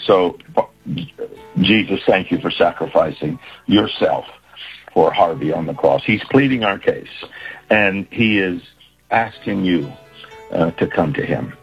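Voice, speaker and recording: A man's voice: sits low, measured pace, creaky, slightly rough. A man preaching a sermon in an earnest, repetitive preaching cadence. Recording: dull lo-fi recording with faint music.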